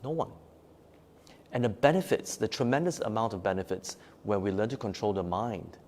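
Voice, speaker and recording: A man's voice: lowish voice, expressive, normal speed, darkish tone. A man leading a live-streamed meditation teaching, talking emphatically, repeating key words for stress, and reading out and answering viewers' comments. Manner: reads viewers' comments aloud and replies. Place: meditation room at a forest retreat.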